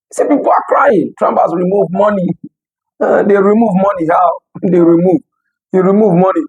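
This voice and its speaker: A commentator from Africa giving casual news commentary, animated and laughing often between remarks. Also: mid-range voice, breathy edge, low-quality recording.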